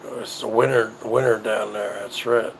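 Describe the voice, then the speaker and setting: A man hosting his own show, chatting casually in a rambling, halting way that often repeats itself. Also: lowish voice, fairly even intonation, gravelly, a little hiss or hum, low-quality recording. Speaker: show host. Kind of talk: casual livestream chat.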